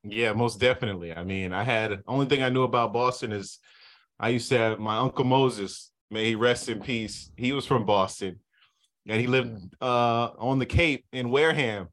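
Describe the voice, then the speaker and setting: A man in his thirties from Southern California, a sports TV reporter chatting as a podcast guest, telling stories in a relaxed, easygoing way. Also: mid-range voice, normal speed. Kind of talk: casual podcast chat.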